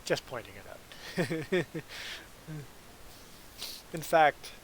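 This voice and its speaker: A Canadian trucker whose first language is German answers chat on a livestream Q&A, rambling casually and laughing often. His voice is a little high and animated but very slow. The audio is poor, with slight background noise.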